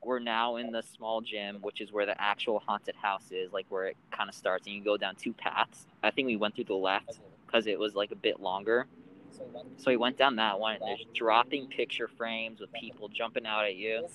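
A man hosting a casual outdoor chat, joking around and laughing loudly. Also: on the low side, steady tone, normal speed, slight background noise, poor audio. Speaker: host.

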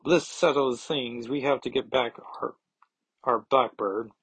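A man's voice: medium pitch, steady tone, measured pace, husky, rough recording. A man voicing a playful male superhero with a clumsy put-on German accent. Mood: teasing.

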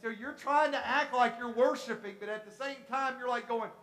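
A Pentecostal preacher giving an impassioned sermon, repeating phrases, rising to shouts, and acting out voices from the congregation. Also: mid-range voice, moderate pace, echoey room, soft background music. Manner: repetitive, acts out congregation voices. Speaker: pastor.

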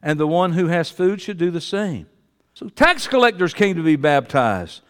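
Male pastor mid-sermon, very high, smooth, resonant voice carried by long hall reverb; shifts from loud high exclamations to low quiet asides. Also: sing-song, normal speed.

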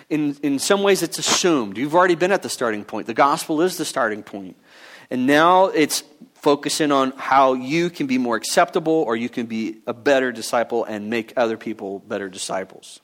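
A man preaching a sermon in a conversational teaching style, pausing with fillers and restarts as he works through his points. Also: medium pitch, fairly bright tone. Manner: mock-voices other views in quoted asides. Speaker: pastor.

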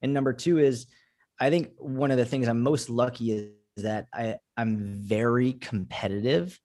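A man's voice: medium pitch, fairly even intonation, moderate pace, darkish tone, no echo, studio quality. A young man guest talking casually in an interview, telling personal stories with lots of filler words. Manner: casual storytelling, filler-heavy with frequent "like". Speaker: podcast guest, fitness coach.

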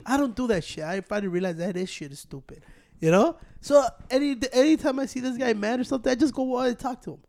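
A man with a mix, telling profane, animated stories in a casual chat among friends. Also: very high voice, quick pace, creaky. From Mexican family, living in Chicago. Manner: profane, animated storytelling with code-switching.

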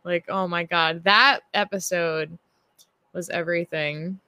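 A woman co-hosting a casual chat, animated and giggly, peppering her talk with "like". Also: lowish voice, measured pace, clear, resonant tone, dry recording.

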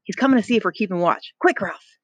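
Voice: mid-range voice, animated, quick pace, breathy edge, no room sound, rough recording. A reader voicing nervous twin boys who insistently warn a friend to run in a storybook reading. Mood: urgent. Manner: hushed, insistent warnings.

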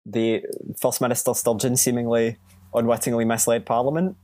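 A man's voice: medium pitch, level tone, normal speed, dark tone, dry recording. A man co-hosting a casual podcast, dropping dry, joking asides. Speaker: podcast co-host. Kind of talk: casual chat.

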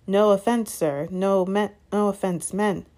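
Woman reading as a sycophantic male shopkeeper in a storybook; oily, grovelling, low gravelly tone. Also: steady tone, measured pace, darkish tone. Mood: fawning. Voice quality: oily, ingratiating. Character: oily, fawning male shopkeeper, middle-aged.

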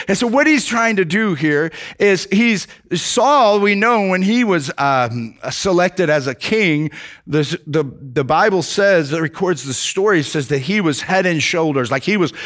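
A man preaching a sermon, retelling a story with lively acted-out quotes, casual fillers. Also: high voice.

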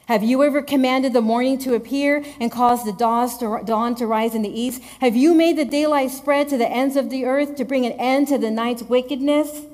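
A stern, sassy God figure who fires one pointed question after another, as a woman preacher puts him on. The voice sits a little high and keeps pressing for answers. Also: normal speed, few pauses, a little mellow, lightly acted. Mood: commanding. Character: God, a stern, challenging male voice.

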